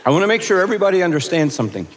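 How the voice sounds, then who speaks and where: A man preaching a conference sermon, playful and animated, rising and dropping his voice for emphasis. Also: high voice, racing. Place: large conference hall stage. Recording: long hall reverb.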